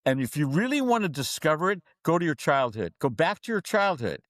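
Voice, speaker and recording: Telling stories on a podcast interview, a dental coach and speaker preaches emphatically and performs the voices of his characters. His fairly high, slightly bright voice is very animated and fairly quick, captured cleanly in the studio with no room sound.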